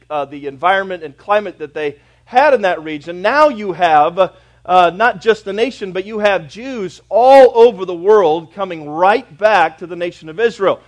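High-voiced man preaching a sermon. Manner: conversational, folksy preaching with frequent fillers and asides. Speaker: pastor. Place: church sanctuary.

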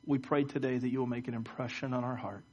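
A man's voice: mid-range voice, fairly even intonation, quick pace, a little mellow, husky, dull audio. A middle-aged man, preaching a sermon in church and leading a prayer, often repeating words as he speaks. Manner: storytelling with frequent stammered word repeats. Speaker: pastor. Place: church service.

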